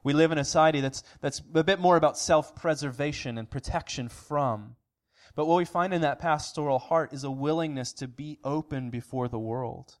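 A man preaching an earnest sermon as pastor, asking rhetorical questions and restarting phrases now and then. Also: mid-range voice. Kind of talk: sermon recap.

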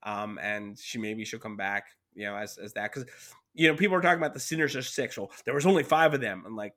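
A man's voice: on the low side, fast talker, a bit bright. Rambling man chatting about movies. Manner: rambling, many fillers and restarts. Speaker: podcast co-host. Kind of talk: casual movie discussion.

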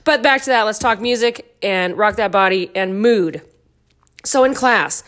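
A woman's voice: medium pitch, measured pace, a bit bright. A middle-aged woman hosting her own dance fitness podcast, chatty and goofy with playful asides. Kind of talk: casual solo podcast talk.

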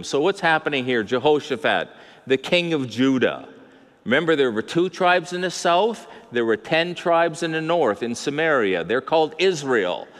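A man's voice: on the high side, a bit bright. An older man preaching a sermon as a pastor, talking in a conversational way with asides and rhetorical questions. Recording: long hall reverb.

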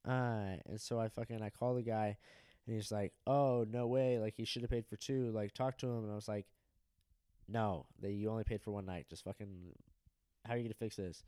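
A young man co-hosting a podcast, telling a crude story in a loose, animated way and acting out the people in it. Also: fairly low pitch, a little fast, clear, resonant tone, no room sound, studio quality. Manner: animated, profane, acts out quoted people. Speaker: podcast co-host.

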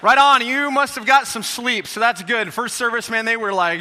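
Male pastor, high and bright-toned, lively conversational sermon, big reverberant church hall. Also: moderate pace. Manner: energetic, conversational, many rhetorical questions to the congregation. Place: large church sanctuary.

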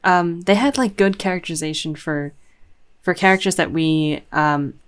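Low-voiced woman, thoughtful and hesitant. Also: normal speed, clear, resonant tone. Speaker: podcast co-host. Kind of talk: casual chat.

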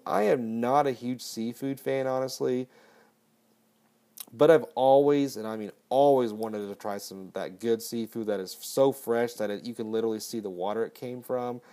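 A man's voice: mid-range voice, warm tone. Rambling, foul-mouthed male host. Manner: profane, rambling. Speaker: podcast host. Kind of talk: casual movie recap.

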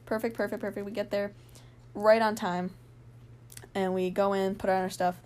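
A young woman telling a rambling, excited story in a casual vlog, full of fillers and laughs. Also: medium pitch, moderate pace.

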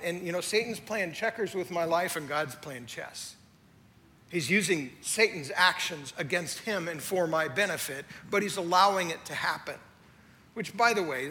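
A man, a lead pastor, preaching a sermon in a conversational way that swings from animated to hushed. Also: on the high side, slight background noise. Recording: long hall reverb, faint ambience.

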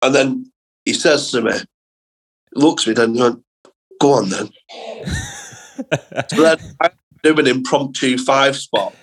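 A young man, a comedian guest on a podcast, telling animated school anecdotes in casual chat with plenty of swearing. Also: medium pitch, a little slow, pauses often, breathy edge, poor audio.

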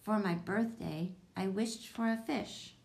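A woman's voice: mid-range voice, slow pace, gravelly, darkish tone. Woman voicing a gloomy little boy in a monster costume. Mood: matter-of-fact. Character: earnest young boy dressed as a monster, gloomy.

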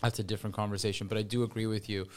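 A man's voice: fairly low pitch, flat delivery, racing, soft background music. Male guest from Russia, blunt and profane, joking in casual conversation. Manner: blunt, joking, swears freely. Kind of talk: casual chat.

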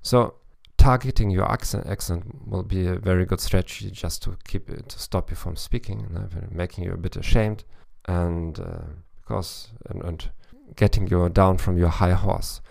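Gravelly low-voiced man giving advice. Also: fairly even intonation, moderate pace, few pauses, a little mellow. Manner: thoughtful, with frequent restarts and fillers. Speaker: language coach podcast host. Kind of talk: solo advice podcast.

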